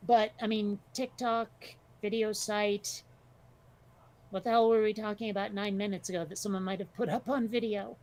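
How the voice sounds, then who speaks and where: A woman's voice: medium pitch, steady tone, moderate pace, a little mellow. A woman co-hosting a casual podcast chat, talking bluntly, swearing freely and telling stories with energy. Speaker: podcast co-host.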